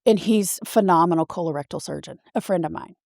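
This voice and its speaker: Earnest, halting woman in her fifties. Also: on the low side, gravelly, no echo, studio quality. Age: 50s. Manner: earnest, halting, with frequent restarts. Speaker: podcast guest sharing her story. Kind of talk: personal storytelling.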